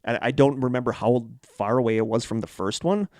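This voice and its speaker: A man's voice: mid-range voice, a little fast, darkish tone, no echo, studio quality. A man co-hosting a paranormal podcast, talking casually and earnestly, going back over the same points as he explains. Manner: earnest, repeats himself while explaining. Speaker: podcast co-host. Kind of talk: casual chat.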